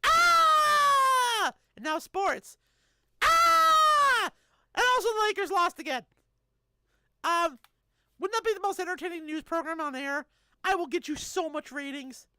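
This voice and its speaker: High bright-voiced woman streamer. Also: moderate pace, long pauses, no room sound. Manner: animated, jokey, answers chat messages. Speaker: streamer reading chat. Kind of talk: casual live-stream chat.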